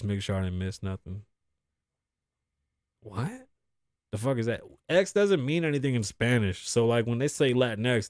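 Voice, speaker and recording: A man's voice: fairly low pitch, dry recording, clean studio sound. A man hosting his own podcast, telling stories in a loose, profane, rambling monologue. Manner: profane, rambling, animated storytelling. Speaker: podcast host. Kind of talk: casual monologue.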